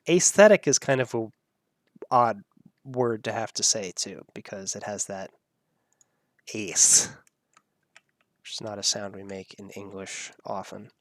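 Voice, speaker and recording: A man hosts a live audio editing tutorial, musing and thinking aloud as he works and laughing at the clips. His voice is fairly low and moderately paced, in studio quality with no room sound.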